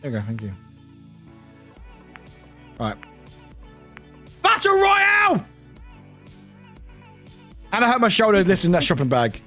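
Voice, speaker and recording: British male streamer, high animated voice, casual and sweary. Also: brisk, pauses often, faint music behind. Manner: chatty, swears a lot, laughs often. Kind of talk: casual live-stream chat.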